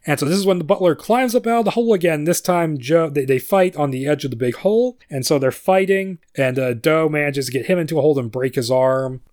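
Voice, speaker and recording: A man's voice: fairly high pitch, fast talker, few pauses, darkish tone, no room sound, studio quality. Chatty man recapping a script. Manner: chatty, amused, with frequent restarts. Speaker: podcast host. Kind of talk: casual plot recap.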